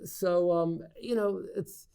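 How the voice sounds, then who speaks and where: A man's voice: high-pitched, takes it slowly, gravelly, clean tone. A middle-aged man, a state senator, telling family stories in a candid interview, stammering and restarting as he goes. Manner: animated anecdotes, frequent restarts and stammers. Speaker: state senator, podcast guest.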